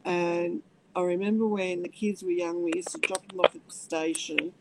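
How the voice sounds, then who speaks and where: A middle-aged woman, telling her personal story in halting speech with many restarts. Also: fairly low pitch, fairly even intonation, background noise. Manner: halting, many restarts, acts out voices in quotes. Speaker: interviewee.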